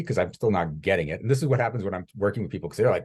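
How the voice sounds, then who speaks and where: Husky low-voiced man telling stories. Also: rapid-fire, few pauses. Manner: animated storyteller, acts out quoted voices. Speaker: guest coach. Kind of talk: conversational interview.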